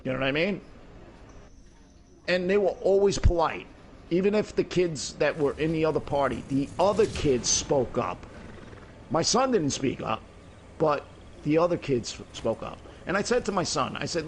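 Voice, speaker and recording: A man's voice: on the high side, lively intonation, moderate pace, slight background noise. A middle-aged man in casual voice chat while gaming, rambling and swearing, peppering his talk with "you know what I mean". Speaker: gamer in voice chat.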